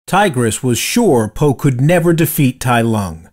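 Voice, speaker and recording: A man reading a children's storybook aloud with expressive, dramatic storytelling. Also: medium pitch, a little slow, few pauses. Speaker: storybook reader. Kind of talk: read-aloud storybook narration.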